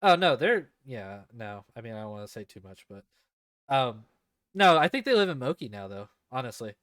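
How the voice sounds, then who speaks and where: A man chats loosely about an online game as a podcast host, full of fillers and restarts. His voice is smooth and clear. The sound is dry and close. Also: medium pitch, sing-song, moderate pace, a bit bright, no room sound. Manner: rambling, heavy use of fillers and swearing. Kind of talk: casual gaming chat.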